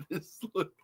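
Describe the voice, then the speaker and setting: A man hosting a casual reaction show, excitable and rambling, swearing often and laughing. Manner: excitable, swears a lot, lots of filler words and laughs. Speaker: podcast host.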